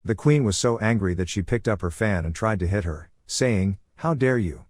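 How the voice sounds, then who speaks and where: A man reading a manhwa recap as scripted story narration, in a flat, even delivery. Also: fairly low pitch, normal speed, no echo, studio quality.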